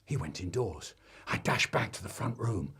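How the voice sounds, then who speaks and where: A man telling a comic family story, acting out the children's shouts in an animated way. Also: lowish voice, moderate pace, slightly rough.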